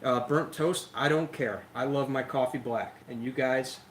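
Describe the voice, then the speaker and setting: A young man hosting a casual lawn care livestream, chatty and energetic, a little out of breath, talking into a phone. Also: mid-range voice, normal speed, slight background noise, low-quality recording. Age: young adult. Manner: chatty, energetic, filler-heavy. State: slightly out of breath. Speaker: lawn care show host. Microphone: phone camera.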